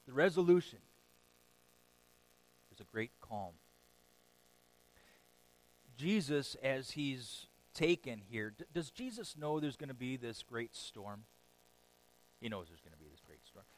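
A man preaching a sermon, telling a story with animated bursts of emphasis and chuckles. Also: medium pitch, measured pace, long pauses, rough recording. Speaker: pastor.

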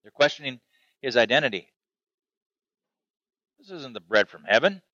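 Animated male pastor preaching, bright tone. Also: medium pitch, normal speed, no room sound, highs cut off. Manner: animated, rising into emphatic repeated phrases. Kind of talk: sermon.

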